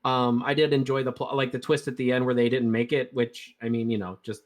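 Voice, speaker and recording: A man's voice: medium pitch, level tone, brisk. A man co-hosting a casual reaction chat, stammering through points and mimicking scenes. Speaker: co-host.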